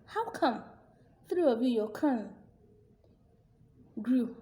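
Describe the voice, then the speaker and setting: A stern, wise king from a folk tale, as a woman storyteller puts him on. He speaks formally and with command, addressing his people. The tone is mellow and fairly high. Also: lively intonation, slow pace. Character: stern wise male king of a village kingdom.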